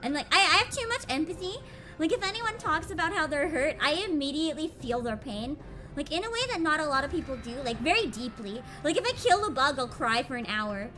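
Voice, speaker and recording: A woman streaming a video game, chatting casually and getting emotional, with loud outbursts and laughter. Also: high voice, animated, a little fast. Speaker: VTuber streamer. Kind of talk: casual game livestream chat.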